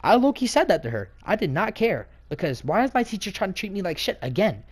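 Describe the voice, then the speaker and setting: A man's voice: high voice, sing-song, quick pace, husky. A man telling a casual storytime about a clash with his teacher, slangy, rambling and indignant.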